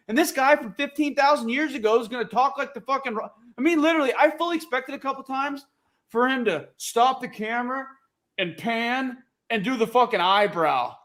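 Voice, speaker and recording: A man co-hosting a casual pop culture podcast, opinionated and profane in animated banter. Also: extremely high pitch. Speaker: podcast co-host. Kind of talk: casual chat.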